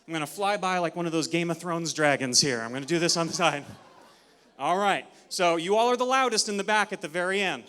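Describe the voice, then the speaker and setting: A man giving an energetic, interactive talk at a conference, leading the audience through counts, a little out of breath. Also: on the high side, fairly quick, clean tone. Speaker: conference speaker. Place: large conference hall. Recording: long hall reverb.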